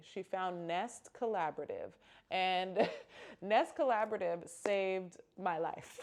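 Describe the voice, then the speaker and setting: A woman's voice: lowish voice, darkish tone. A young woman telling a personal story in a casual, candid vlog, with emphatic exclamations. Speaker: vlogger.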